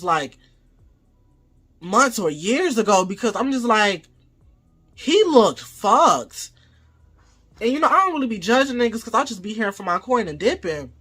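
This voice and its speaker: A man vlogging a casual storytime monologue, profane and animated, acting out his own quoted lines as he goes. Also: sits high.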